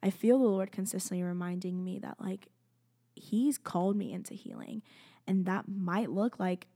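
Young woman, student, casual heartfelt vlog talk, filler-heavy, gravelly fry, close mic. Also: medium pitch, moderate pace. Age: young adult. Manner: rambling, constant "like" fillers, drops into soft whispers. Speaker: student sharing a faith journey. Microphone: own microphone, close.

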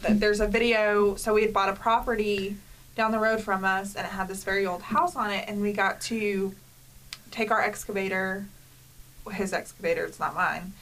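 A woman from the Southern US co-hosting a podcast, telling lively stories in casual chat and laughing often. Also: mid-range voice, moderate pace. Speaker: podcast co-host.

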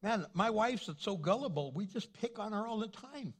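A man's voice: high-pitched, animated, normal speed, breathy edge. An older male pastor preaching a sermon, telling a funny family story with playful asides and laughter. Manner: storytelling, playful, laughs at his own jokes.

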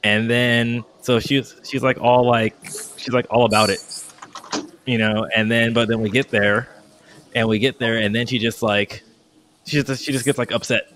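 A man's voice: medium pitch, level tone, a bit bright, a little hiss or hum. A man in his thirties in casual podcast chat, telling a long story with lots of fillers and restarts, acting out his own past lines with heat. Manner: rambling, halting, full of fillers and restarts.

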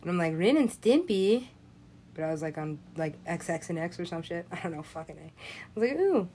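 A woman's voice: sits low, flat delivery, quick pace, a little mellow, slight background noise. A young adult woman, a parent, rambling in a loose monologue, laughing often, swearing freely and acting out the voices she quotes.

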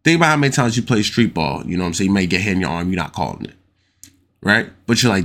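A man's voice: low-pitched, rapid-fire, gravelly, a bit bright. A man hosting a casual solo podcast, talking loosely with lots of slang, repeating himself and getting worked up as he argues his points. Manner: loose and slangy, keeps asking "you know what I'm saying". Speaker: podcast host.

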